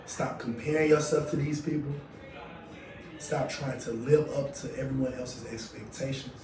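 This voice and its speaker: A man's voice: mid-range voice, little pitch movement, normal speed, a crowd in the background. A man speaking as a guest on a casual faith podcast, heartfelt and reflective. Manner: heartfelt, reflective, exclaims softly. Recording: roomy sound, mic at a distance, audible noise.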